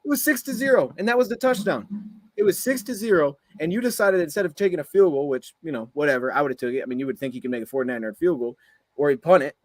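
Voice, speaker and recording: A man with a fairly high, lively voice talks fast on a dry recording. Co-hosting a sports podcast, he rants heatedly after a game, firing off frustrated rhetorical questions.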